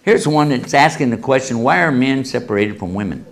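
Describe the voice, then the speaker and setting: Animated storytelling man giving a talk. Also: medium pitch, fairly quick. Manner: animated storyteller who acts out quoted voices with humor. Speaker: Islamic speaker answering audience questions.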